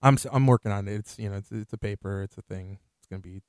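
A man's voice: lowish voice, fast, dry recording. A man on a casual podcast, joking and swearing as he rambles, a bit tipsy from beer. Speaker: podcast cohost. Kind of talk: casual chat.

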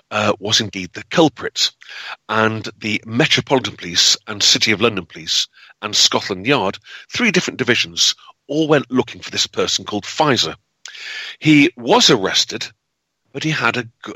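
Bright-voiced guy telling an old crime story, dramatic, lots of ums and uhs, dry close mic. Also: mid-range voice, slightly rough, dry recording, poor audio. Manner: dramatic, with frequent fillers and restarts. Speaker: historical storyteller. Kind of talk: spoken history storytelling.

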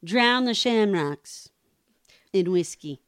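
A woman's voice: mid-range voice, expressive, takes it slowly, smooth, no echo, clean studio sound. A woman co-hosting a casual podcast, running trivia questions and laughing often between remarks. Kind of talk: casual chat.

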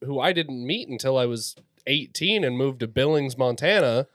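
A young man co-hosting a casual family podcast, joking and quick to laugh. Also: mid-range voice, animated, a bit bright, no room sound, clean studio sound. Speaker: podcast co-host.

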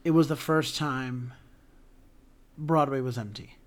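A man co-hosting a podcast, talking about theater in an animated, emotional way with lots of restarts. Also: mid-range voice, slow. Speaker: podcast co-host.

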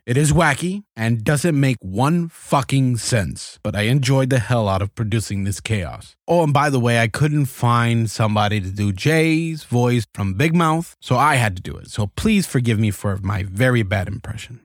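A chatty male host talking casually to his listeners, walking through how his characters came together. His voice is mid-pitched but lively, rising and falling a lot. The recording is dry and close. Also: no room sound. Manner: chatty, explaining.

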